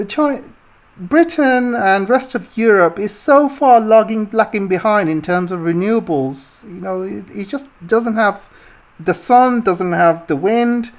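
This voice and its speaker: Indignant woman ranting about politics. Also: lowish voice. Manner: indignant, scornful, many fillers. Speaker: political commentary vlogger. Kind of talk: ranting commentary.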